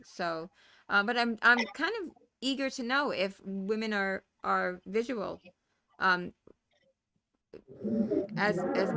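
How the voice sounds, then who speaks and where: A woman guest panelist talking through ideas in an animated way, with many restarts. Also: a little high, no room sound. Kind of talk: panel discussion.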